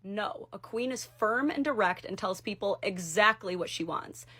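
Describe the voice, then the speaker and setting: A woman's voice: mid-range voice, expressive, moderate pace, bright, forceful tone, breathy edge. A woman delivering scripted comedic commentary in a sassy, emphatic and sarcastic manner. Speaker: video commentator.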